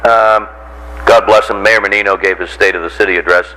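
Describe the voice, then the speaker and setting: A man's voice: low-pitched, steady tone, normal speed, pushed and bright, poor audio. An older man, a radio host giving a chatty, self-correcting talk to a classroom of students.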